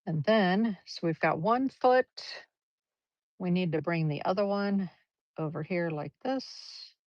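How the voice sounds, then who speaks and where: A woman's voice: lowish voice, slow pace, no room sound. A woman leading a live brush painting demonstration, chatty and encouraging as she talks through each stroke. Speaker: art teacher. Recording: dull, lo-fi livestream audio.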